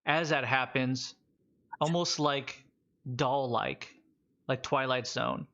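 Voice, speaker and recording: A man's voice: medium pitch, slow pace, a bit bright. Rambling male game master, lo-fi sound. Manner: loose, rambling narration with many restarts. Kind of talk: narrating a tabletop game.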